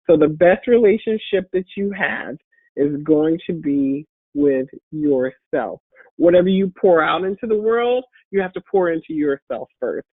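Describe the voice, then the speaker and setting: A woman with a deep voice, congested and a bit hoarse from a cold, giving an upbeat, encouraging webinar talk as a guest speaker. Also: lively intonation, moderate pace, no room sound. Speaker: guest speaker and patient advocate. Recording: phone-like online call audio.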